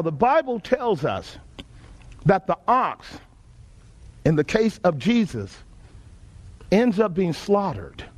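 A Texan man preaching to his congregation, his voice riding unusually high. He keeps checking in with the room and drawing answers back from the pews, folksy and emphatic throughout. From Texas. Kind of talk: sermon. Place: church sanctuary before a congregation.

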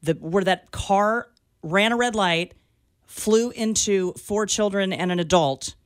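A woman's voice: medium pitch, takes it slowly, no room sound, studio quality. A woman co-hosting a radio talk show, telling stories in an emphatic, concerned way. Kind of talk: casual talk radio banter.

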